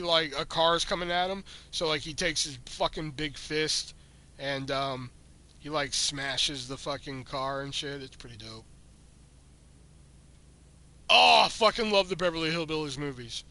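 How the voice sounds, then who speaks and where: A man with a fairly high, sharp, forceful voice tells a story in loose podcast chat. He swears constantly and sounds fed up as he recounts it. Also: moderate pace. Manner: profane, exasperated storyteller. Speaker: podcast host.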